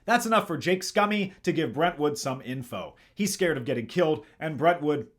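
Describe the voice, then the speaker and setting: Wry man with a lively voice. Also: a little high, moderate pace. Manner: sarcastic, wry asides. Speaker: host. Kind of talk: comedic movie review narration.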